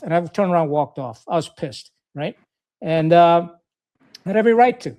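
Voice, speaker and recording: Man, middle-aged, high voice, blunt, profane, animated storyteller, podcast guest. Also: a little fast. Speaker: podcast guest, retired Marine officer.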